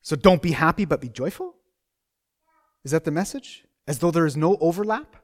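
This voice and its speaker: A middle-aged man preaching a sermon, his voice sitting a little high. He talks to the room in a conversational way, circling back over his phrases and asking rhetorical questions. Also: animated, moderate pace.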